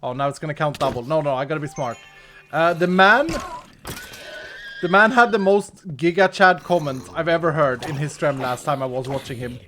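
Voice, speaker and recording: A man's voice: on the high side, normal speed, sharp tone, faint music behind. A man streaming a game live, thinking aloud and answering his chat in easy commentary. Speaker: streamer playing a modded block game.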